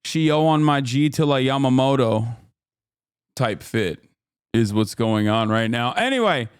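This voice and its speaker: Guy in his 30s streaming, smooth clear voice, dry close mic, rambles and cusses, fake announcer bits. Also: mid-range voice, expressive, unhurried, no echo. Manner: playful, rambling, swears freely, mock-announcer openings. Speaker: livestream host. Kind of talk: casual livestream chat.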